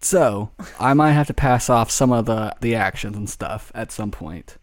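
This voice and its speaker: A man's voice: on the low side, moderate pace, dry recording. A man hosting a casual script read, chatty and profane with loose restarts. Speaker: script reading host. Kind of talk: casual chat and script narration.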